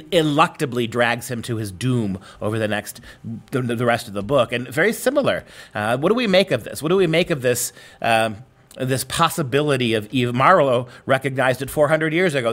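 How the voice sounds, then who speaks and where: A man's voice: mid-range voice, fairly bright tone. A man who teaches literature at a university, speaking in a conversational lecture style and acting out quotes as he tells a story.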